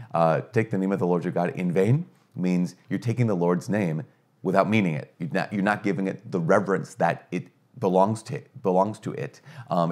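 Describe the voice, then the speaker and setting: A middle-aged priest gives a conversational teaching in a low-pitched voice, earnest and energetic, posing rhetorical questions and often restarting his sentences.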